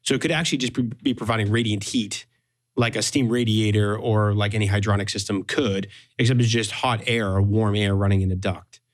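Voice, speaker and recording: A man with a lowish voice, a building engineer talking through a technical problem. He thinks aloud as he goes, sprinkling in "you know" and restarting his sentences. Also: fairly even intonation, fairly quick. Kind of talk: expert explanation on a radio show.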